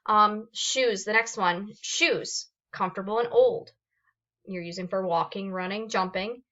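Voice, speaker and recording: Bright-voiced woman teacher explaining poems. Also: medium pitch, measured pace, highs cut off. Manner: explains step by step, reads examples aloud with fillers and restarts. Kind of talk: recorded classroom lesson on poetry forms.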